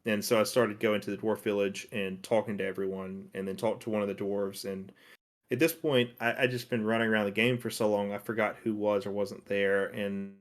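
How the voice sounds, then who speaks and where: A man co-hosting a casual gaming podcast, talking in a relaxed, thoughtful way with many fillers. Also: fairly low pitch, a little fast. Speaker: podcast co-host.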